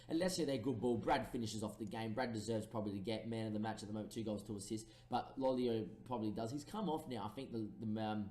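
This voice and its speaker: A young man commentating live on a football management game, lively play-by-play with excited bursts and pleading. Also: lowish voice, fast, few pauses, echoey room. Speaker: gaming commentator.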